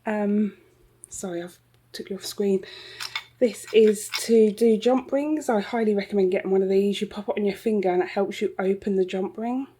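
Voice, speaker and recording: A woman's voice: medium pitch, steady tone, moderate pace, dark tone, husky. A woman chatting casually through a tour of her home craft room, rambling with lots of ums and little laughs. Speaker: craft vlogger. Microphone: handheld camera.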